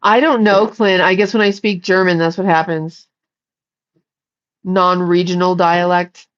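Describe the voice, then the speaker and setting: A woman's voice: fairly low pitch, little pitch movement, unhurried, highs cut off. Playful woman rambling on a livestream. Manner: playful, jokey, talks to chat. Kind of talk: casual rambling livestream chat.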